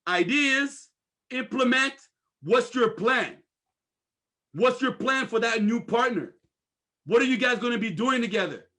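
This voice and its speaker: A man giving an energetic motivational sales training, repeating himself and firing off rhetorical questions. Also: extremely high pitch, measured pace, pauses often.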